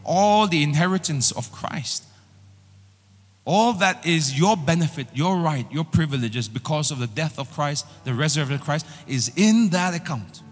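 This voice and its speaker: Husky pastor guy preaching, kinda high voice, big echoey hall with soft music behind. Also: lively intonation, normal speed. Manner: emphatic preaching with repeated rising phrases. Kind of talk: sermon.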